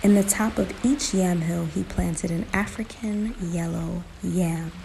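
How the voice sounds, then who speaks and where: A woman narrating a folktale in a slow, emphatic storytelling manner, in a noisy recording. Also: fairly low pitch, fairly even intonation, gravelly, dark tone.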